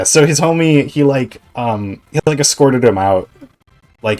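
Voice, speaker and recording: A male Twitch streamer chatting casually while gaming, rambling, animated, and swearing freely. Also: medium pitch, moderate pace, soft background music.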